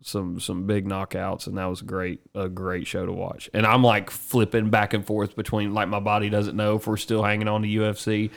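A man's voice: on the low side, flat delivery, moderate pace, gravelly, hardly any pauses. A man, co-hosting a podcast in a laid-back, casual chat, laughing often. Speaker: podcast co-host.

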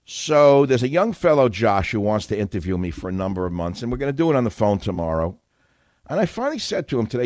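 A man's voice: on the low side, sing-song, quick pace, darkish tone, dry recording, clean studio sound. An older man hosting a call-in radio talk show, opinionated, emphatic and self-assured, combative in his monologues.

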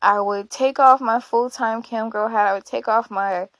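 A woman's voice: on the high side, steady tone, moderate pace, few pauses, a bit bright, no echo. A woman hosting a casual solo podcast, talking candidly and rambling, often laughing and swearing along the way. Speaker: podcast host.

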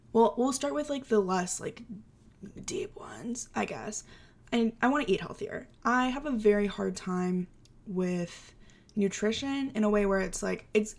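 A young adult woman hosts a solo podcast, chatting casually and sprinkling in plenty of "like" and "you know" fillers. Her voice is medium-pitched and creaky.

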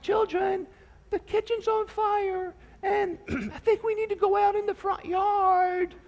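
A man doing a high-voiced, overly calm mother. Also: unhurried, vocal fry, full character voice. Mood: falsely calm. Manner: high falsetto, drawn out and mild. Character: calm, overly polite mother warning kids.

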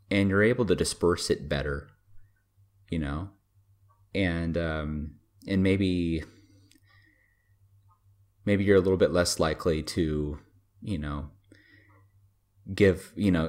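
A man in casual conversation, speaking in a halting, reflective way with many fillers. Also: sits low, a little mellow. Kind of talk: casual chat.

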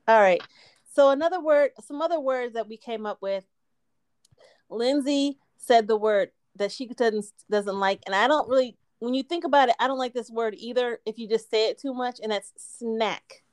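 A woman with a high, bright voice chats casually with her co-host. She laughs a lot and teases playfully. The recording is close and dry, with no room sound. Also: normal speed, clear, resonant tone, no echo. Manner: laughs often, playful teasing. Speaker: podcast co-host. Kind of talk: casual chat.

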